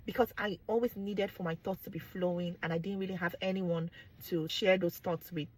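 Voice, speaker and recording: A young adult woman with a Nigerian accent, talking candidly to her viewers in an animated way, with exclamations and bits of pidgin. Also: fairly low pitch, brisk, a little hiss or hum, low-quality recording. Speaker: vlogger. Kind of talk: candid talk to camera.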